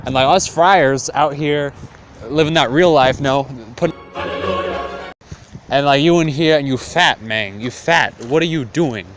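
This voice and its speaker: A man's voice: fairly high pitch, measured pace, over music, close to an everyday voice. A man voicing a medieval friar who talks in street slang, boastful and hustling. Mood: smooth.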